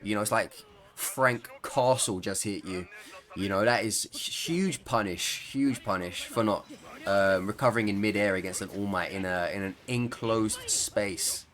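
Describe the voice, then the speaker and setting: A man's voice: lowish voice, measured pace, fairly bright tone. A man giving casual, rambling commentary over his own gameplay, joking and laughing as he talks. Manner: rambling, jokey, laughs often. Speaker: gaming YouTuber.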